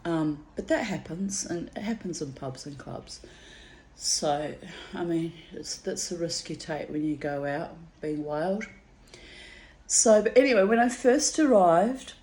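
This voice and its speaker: An older woman telling a rambling personal story to camera, acting out what people said in lively voices. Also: deep voice. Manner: chatty, rambling, quotes others in lively voices. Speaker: vlogger. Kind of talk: casual storytelling.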